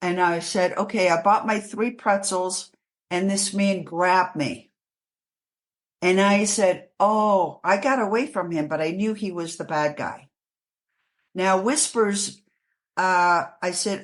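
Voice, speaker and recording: A woman from New York City, an author being interviewed, telling her life story in a halting way with many restarts. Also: fairly low pitch.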